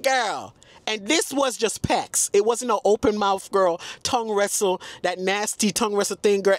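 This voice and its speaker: A man's voice: high-pitched, dry recording. A man telling a storytime vlog in a sassy, dramatic way, constantly calling his listeners "girl". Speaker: storytime vlogger. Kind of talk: casual storytelling.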